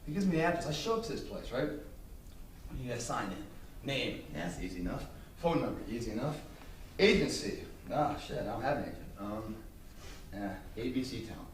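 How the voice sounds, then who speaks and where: A man giving a speech to an audience, telling brash, profane, animated stories. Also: medium pitch, brisk, slight background noise. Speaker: motivational speaker. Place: room with an audience. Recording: roomy, distant mic, faint ambience.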